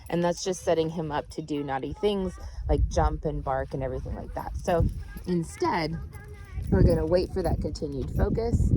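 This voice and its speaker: A woman's voice: low voice, heavy background noise. A young woman dog trainer, speaking outdoors on a walk, patiently explaining her steps and checking in with "right?".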